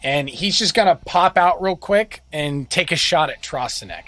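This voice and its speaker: Bright, slightly high man at the game table. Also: expressive, soft background music. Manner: halting, revises plans mid-sentence. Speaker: player. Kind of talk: casual tabletop play.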